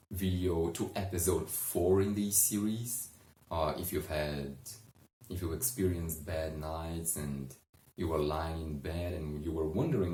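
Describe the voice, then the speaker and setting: A man coaching about sleep and telling a story, with an earnest, halting delivery and pauses. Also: deep voice, mellow. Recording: echoey room, distant mic.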